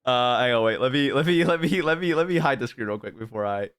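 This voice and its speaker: A man streaming and telling a story casually to his chat, swearing often and bursting into loud laughter. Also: medium pitch, expressive, fast, smooth. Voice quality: profane, laughs hard and loud. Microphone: headset.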